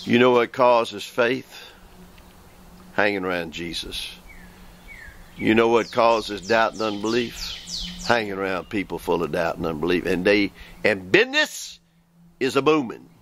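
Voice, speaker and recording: A man in his sixties preaching a folksy sermon, slowing down to read scripture aloud. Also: lowish voice, very animated, a bit bright, a little hiss or hum. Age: 60s.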